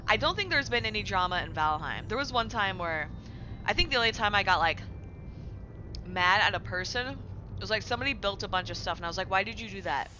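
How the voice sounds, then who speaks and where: A woman's voice: mid-range voice, expressive, a little fast, pushed and bright, highs cut off, slight background noise. A young woman streaming a game from home, chatting casually and loosely, swearing often and rambling through fillers as she answers her chat. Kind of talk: casual live-stream chat while gaming.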